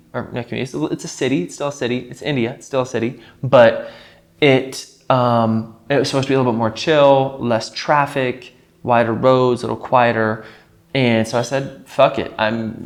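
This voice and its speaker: A man talking casually to camera in a vlog, rambling and leaning heavily on filler words. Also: medium pitch. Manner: rambling, heavy use of filler "like". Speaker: vlogger. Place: rented house.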